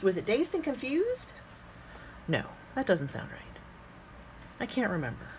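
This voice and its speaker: Brief: woman ink vlogger, lower-pitched voice, chatty and rambling, talks to herself over desk work, faint room ambience behind. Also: slight background noise. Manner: chatty, musing aloud, thinks out loud with frequent fillers; talks to herself while working with her hands. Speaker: fountain pen ink vlogger. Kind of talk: casual chat while swatching inks.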